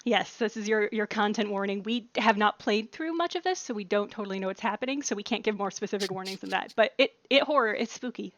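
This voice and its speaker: A woman's voice: medium pitch, a bit bright, no room sound, lo-fi sound. A woman hosting a casual game stream, chatty and upbeat over a headset voice chat. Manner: chatty, upbeat, quick to laugh. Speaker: stream host.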